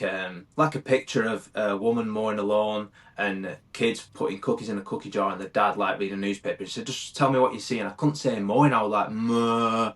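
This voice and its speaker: A man in his thirties, a firefighter from the UK, talking candidly and reflectively as a podcast guest, calling the host mate. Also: fairly low pitch. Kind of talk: casual conversation.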